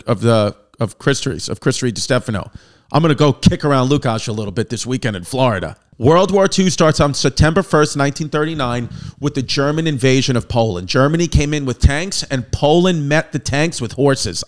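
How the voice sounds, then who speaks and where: A man hosting a comedic history lesson, joking and swearing, with sudden loud bursts. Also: mid-range voice, animated, fairly quick. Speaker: comedian host of a history show.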